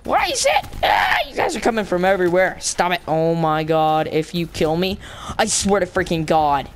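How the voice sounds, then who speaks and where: A man's voice: sits high, sing-song, moderate pace, a little hiss or hum. A man giving goofy, joking commentary over gameplay, making sound effects. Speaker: gamer commentator.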